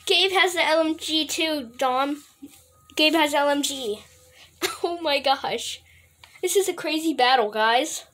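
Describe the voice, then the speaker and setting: A woman commentating her own gameplay, excitable and playful, laughing often and trash-talking her friends. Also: sits high, slow pace. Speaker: gaming video host.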